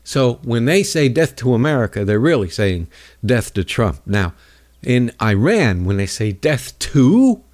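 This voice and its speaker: A man hosting a political talk show, delivering a rambling, sarcastic monologue and mocking his opponents in put-on voices. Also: medium pitch.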